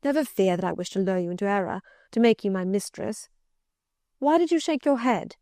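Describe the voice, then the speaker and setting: A woman reading an audiobook, voicing a passionate, brooding middle-aged gentleman who pleads and commands urgently. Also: mid-range voice, animated, fairly quick, dry recording, studio quality, close to an everyday voice. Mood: insistent.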